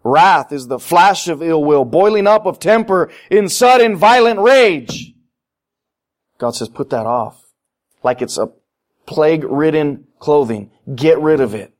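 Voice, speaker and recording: A middle-aged man preaching a sermon, animated, acting out little voices in his asides. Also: fairly high pitch, a little slow. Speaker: pastor.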